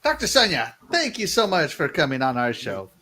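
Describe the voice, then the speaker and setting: A man's voice: on the high side, huge pitch swings, normal speed, pushed and bright. A man hosting a gaming podcast in casual chat, upbeat and rambling with fillers. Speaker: podcast host.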